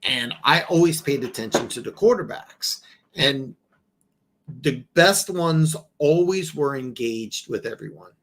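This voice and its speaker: A man's voice: medium pitch, expressive, a little slow, fairly bright tone. A man from the American South hosting a casual football talk show, rambling and restarting his sentences. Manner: rambling, frequent restarts and repeated words. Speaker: host.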